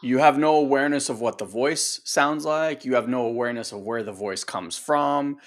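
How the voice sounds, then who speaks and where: Animated man coaching in casual talk. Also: mid-range voice, moderate pace. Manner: animated, acts out voices, conversational. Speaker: coach and co-host.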